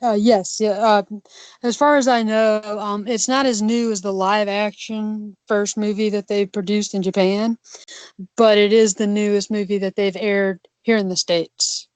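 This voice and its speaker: A woman's voice: medium pitch, level tone, a little slow, darkish tone, clear, resonant tone, no room sound. A woman cohosting a casual podcast discussion, rambling with many restarts and fillers.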